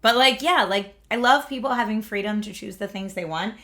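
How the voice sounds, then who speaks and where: A woman in her thirties from Pennsylvania runs a livestream, talking a little fast in a medium-pitched voice that sounds pushed and bright. It's casual chatter, peppered with laughs and "like".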